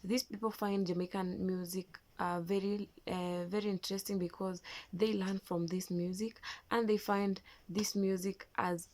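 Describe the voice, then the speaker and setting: A woman hosts a commentary video, speaking in an even, middle pitch. She stops and restarts often, filling gaps with hesitations as she explains. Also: normal speed. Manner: hesitant, many fillers and restarts. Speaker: commentary host. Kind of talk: YouTube commentary.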